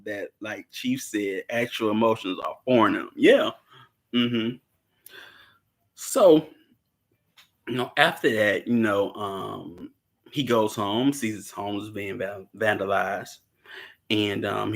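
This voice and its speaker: A man's voice: fairly low pitch, slow. A man in casual chat recapping a film, rambling and chuckling often as he acts out the characters' lines. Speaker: movie discussion participant.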